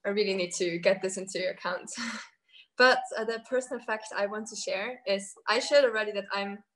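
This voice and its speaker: A woman's voice: medium pitch, a little fast, a bit bright, rough recording. Woman from northern Italy, chatty explainer who laughs easily. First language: German. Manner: explains with examples, laughs often. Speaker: educational video creator. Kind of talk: casual video call chat.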